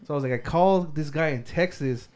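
A man's voice: on the high side, fast, darkish tone. A man from Riverside, California, chatting casually and telling stories, swearing often and laughing as he goes. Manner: swears a lot, laughs while telling stories, acts out voices. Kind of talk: casual chat, storytelling.

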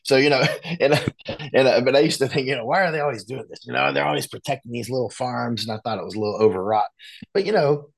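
An American man, a war correspondent guest, talking bluntly in a casual conversation, with frequent restarts and animated asides. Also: medium pitch, fast, gravelly. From United States.

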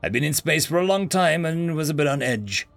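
A man voicing an exasperated, sarcastic young man stranded in space, snapping and yelling at his rescuers. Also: on the high side, expressive, brisk, vocal fry, soft background music. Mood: strained politeness.

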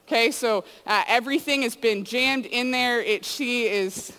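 A woman's voice: fairly high pitch, a little slow, bright, forceful tone, clean tone. A woman giving a casual sermon to students, telling stories in a chatty way full of "like" and "you know". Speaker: youth speaker. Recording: long hall reverb.

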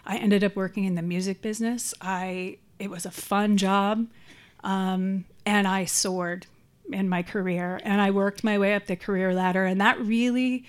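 A woman's voice: medium pitch, smooth. A middle-aged woman giving a candid, reflective personal share at a support group meeting, with frequent ums. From San Francisco Bay Area. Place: meeting room.

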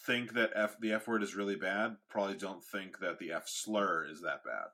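A man co-hosting a podcast, chatting casually with short replies and relaxed banter. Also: low-pitched, moderate pace. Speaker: podcast co-host. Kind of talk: casual chat.

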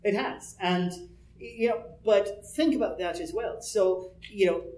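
A man with a high, slightly slow and mellow voice gives a conversational workshop talk on building role-play personas. He rambles with frequent asides, chuckles, and lots of "you know" in an echoey room.

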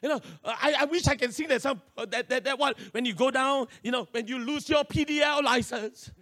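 A man with a Singaporean English accent, preaching a sermon as a pastor and telling a personal story in an animated way with local slang. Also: very high voice, brisk.

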